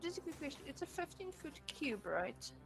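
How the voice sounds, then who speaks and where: A woman's voice: high-pitched, very animated, normal speed, vocal fry, soft background music. A woman playing a tabletop game, chatting casually in a playful, giggly way. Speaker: player.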